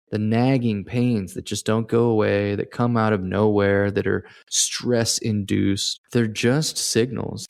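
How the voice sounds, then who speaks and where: Male coach, gravelly low voice, casual and reflective, lots of "like" and "you know". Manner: relaxed, reflective, uses fillers like "like" and "you know". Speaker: performance coach, guest. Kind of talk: casual conversation.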